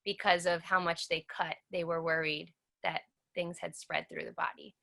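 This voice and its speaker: A woman in her thirties speaks as an interview guest in a bright, clear voice that is fairly low with little pitch movement, at a normal speed. She tells her story earnestly and acts out lines other people said to her.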